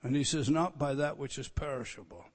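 A man preaching a sermon, earnest and emotional, dropping to quiet tender asides and rising to loud emphatic declarations. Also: medium pitch, fairly quick. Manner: earnest and emotional, moved nearly to tears.

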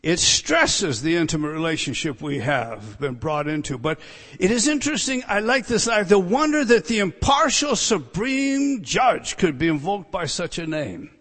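A high-pitched man preaches with heavy emphasis, punching key words and then sinking into hushed asides. His voice rings through a large hall with a long reverb tail. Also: very animated, normal speed. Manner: emphatic, drops to quiet asides. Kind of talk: expository sermon.

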